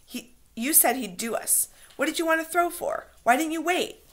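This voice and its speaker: A woman's voice: mid-range voice, fairly quick, a bit bright, natural voice. A proud, combative boy hunter who speaks sharply and challenges the others, as a woman reading aloud puts him on. Read in a plain storybook voice with a slight edge. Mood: challenging.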